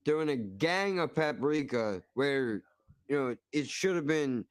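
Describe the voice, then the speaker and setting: A man's voice: medium pitch, lively intonation, a little slow, smooth, no echo, clean studio sound. A man hosting a stream, reacting to a cooking video with profane, mock-outraged ranting. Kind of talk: casual reaction commentary.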